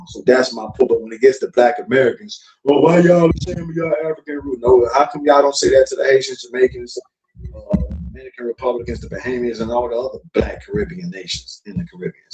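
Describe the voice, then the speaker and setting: A man from South Florida holds forth on a casual livestream, blunt and sprinkled with profanity as he addresses the chat. His voice sits in a middle pitch. It rings in an echoey room with a faint hiss underneath. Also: darkish tone. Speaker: podcast host.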